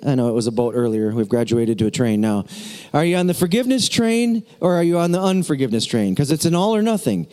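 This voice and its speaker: Here a pastor with a higher-leaning, slightly mellow voice gives his church a casual, humorous sermon full of playful asides. The sanctuary's long hall reverb is audible.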